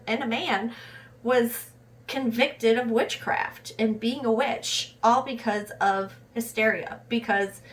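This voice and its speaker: A woman's voice: on the high side, fairly bright tone. A young American woman from Rochester, New York, reviewing a book in a casual vlog, earnest and impassioned, restarting her sentences as she goes. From Rochester, New York, USA. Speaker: book vlogger.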